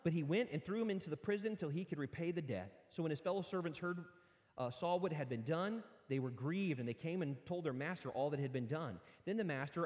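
A man's voice: fairly high pitch, a little mellow, big-room sound. A man preaching a sermon in a conversational way, reading scripture aloud and breaking off into casual asides. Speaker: pastor.

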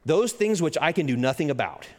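A man preaching a sermon in a church hall, with an animated delivery. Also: fairly high pitch, brisk. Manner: animated, acts out little quoted exchanges, chuckles at his own jokes. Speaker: pastor. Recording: long hall reverb.

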